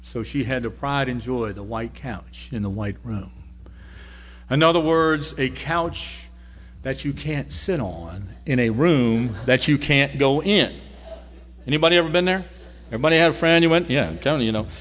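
A man preaching a sermon, telling a story in a conversational way and moving between loud lines and near-whispers. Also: medium pitch, expressive, normal speed, a little hiss or hum.

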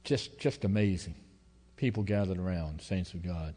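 A man preaching a sermon as pastor, telling stories in a folksy, emotional way that swings between loud and hushed. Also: deep voice, moderate pace. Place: church sanctuary. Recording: long hall reverb.

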